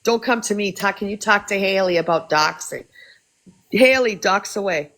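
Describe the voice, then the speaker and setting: This is a Canadian woman ranting live on her phone stream, cursing hard and cutting people down. Her voice sits in an ordinary middle pitch, and the talk is casual and unscripted. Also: a little fast, a bit bright, low-quality recording. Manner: angry, profane, cutting. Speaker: livestream host. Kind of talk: casual livestream rant.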